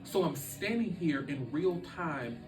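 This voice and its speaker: A man telling a deeply personal story as a podcast guest, speaking earnestly with halting restarts. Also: expressive, roomy sound, distant mic, over music, low-quality recording.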